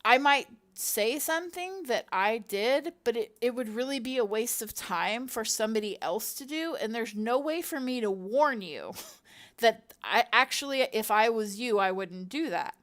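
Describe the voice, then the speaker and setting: A woman's voice: a little high, expressive, a little slow, fairly bright tone. A middle-aged woman at home chatting casually to her viewers as she works, rambling and talking to herself with many fillers. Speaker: content creator. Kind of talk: casual chat while working on a computer. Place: at home, with her cat nearby.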